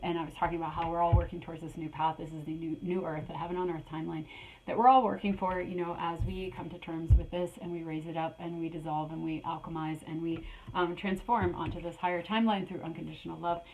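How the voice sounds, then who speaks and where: A middle-aged woman with a low, gravelly voice rambles through a spiritual tarot reading, circling back to repeat her phrases. Her delivery stays fairly flat in pitch and she sounds a little out of breath. A faint noise sits under the recording. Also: quick pace, rough recording. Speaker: tarot reader.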